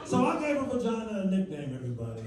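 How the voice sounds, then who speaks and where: A man doing a stand-up set on a club stage, bantering with the audience, swinging between loud bursts and low mutters. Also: huge pitch swings, rapid-fire. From Virginia. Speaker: stand-up comedian. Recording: echoey club recording from far off, loud crowd. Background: audience laughter.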